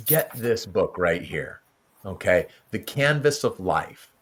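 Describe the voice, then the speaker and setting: A man's voice: low voice, expressive, unhurried, a bit bright. A man hosting a podcast interview, effusive and stammering, getting emotional and welling up. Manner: effusive, stammers with repeated words. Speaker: podcast host. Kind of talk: casual interview chat.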